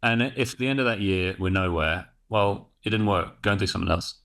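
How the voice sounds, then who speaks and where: A man's voice: lowish voice, brisk, a bit bright. A man hosting a podcast, asking long, winding questions in a casual chat. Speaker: podcast host. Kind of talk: casual interview.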